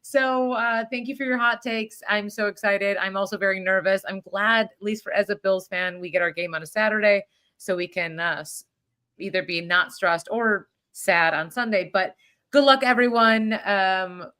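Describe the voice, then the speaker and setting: A woman's voice: mid-range voice, normal speed, sharp tone. A woman hosting a sports podcast in casual chat, playful and giggly. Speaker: podcast host.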